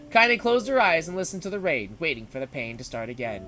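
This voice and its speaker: A man reads a story aloud on stream with a high, bright voice. He narrates with feeling and breaks in with joking remarks. Faint music plays behind him. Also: very animated, fairly quick.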